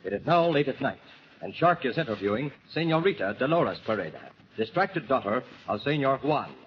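A man's voice: mid-range voice, very animated, brisk. Hearty old-time radio announcer man. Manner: hearty, folksy, enthusiastic. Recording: dull old radio broadcast, faint hiss.

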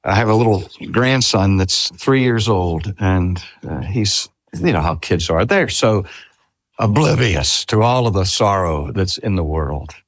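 Older man preaching with lively pitch. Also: dry recording. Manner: earnest, drawn-out emphasis on key phrases, rhetorical questions. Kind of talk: sermon. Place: talk at a cancer hospital.

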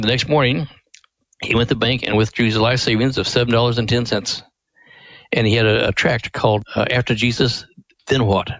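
A man's voice: mid-range voice, fairly bright tone, dry recording, lo-fi sound. Folksy man telling a story. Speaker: ministry president, guest. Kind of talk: radio interview storytelling.

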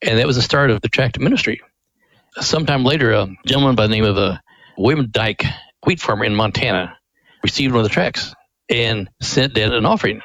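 A man's voice: mid-range voice, fairly quick, dry recording, low-quality recording. Older man telling a faith story. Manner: earnest, animated when acting out quotes. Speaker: ministry president, guest. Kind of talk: interview storytelling.

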